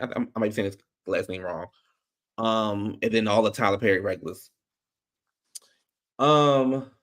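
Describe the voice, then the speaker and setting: A man hosting a casual chat, giving blunt, opinionated and profane movie takes. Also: medium pitch. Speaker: podcast host.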